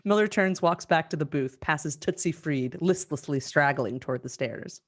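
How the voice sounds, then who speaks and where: A woman hosting a live script reading over a video call, reading the stage directions in a brisk, amused way. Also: low voice.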